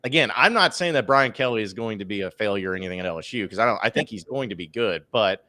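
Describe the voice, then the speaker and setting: A man's voice: on the low side, lively intonation, quick pace, sharp tone. Rambling male sports podcast host. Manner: rambling, many fillers and restarts. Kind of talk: casual sports podcast chat.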